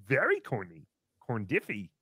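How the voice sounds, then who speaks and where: A man hosting a comedic livestream, thanking members in a goofy, animated manner. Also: medium pitch, moderate pace, slightly rough, dry recording, studio quality. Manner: goofy, animated, swinging between squeals and mumbles. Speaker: livestream host. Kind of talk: comedic live-stream chat.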